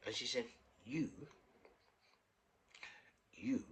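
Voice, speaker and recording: A middle-aged man with a London accent, telling his own story casually, repeating phrases and swinging between hushed and loud. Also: mid-range voice, extremely slow. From England.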